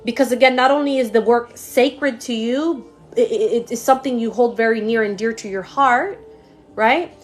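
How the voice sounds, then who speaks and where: During a live-streamed psychic reading, a young woman speaks in a slightly high voice at normal speed, emotional and gushing, repeating words and using many fillers. Faint music plays behind her, picked up through a phone or computer mic.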